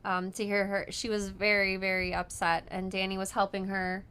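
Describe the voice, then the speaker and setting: A woman's voice: mid-range voice, completely flat delivery, normal speed, pushed and bright, clear, resonant tone. A woman hosting a casual live show, chatting with lots of ums and easy laughter. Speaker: host of a sewing live show. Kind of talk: casual live-stream chat.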